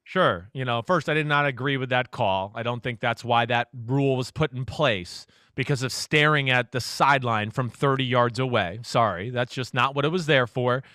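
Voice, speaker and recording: A man who is a football analyst, a guest in a casual interview, telling stories in an animated way and acting out what others said. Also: mid-range voice, normal speed, hardly any pauses, no echo, clean studio sound. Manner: animated storyteller, acts out quotes.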